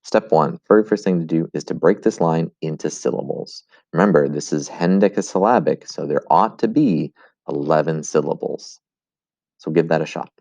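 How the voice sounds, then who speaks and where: A man's voice: rumbling low, moderate pace, creaky, darkish tone, no echo. A man teaching Latin in a recorded video lesson. He explains step by step, with fillers and restarts. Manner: chants rhythms as "bum, bum".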